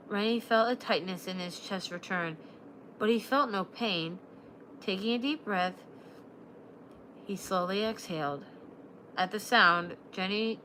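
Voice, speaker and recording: A woman reading a novel aloud on a live stream at a steady pace, now and then tripping over a word and correcting herself. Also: mid-range voice, a little hiss or hum, low-quality recording. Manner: steady, occasionally stumbling over words. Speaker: reader, streamer.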